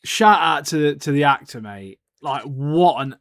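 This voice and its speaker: A young man co-hosting a podcast, talking in excitable, slangy casual chat and saying "mate" a lot. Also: a little high, a little slow, no room sound. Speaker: podcast co-host.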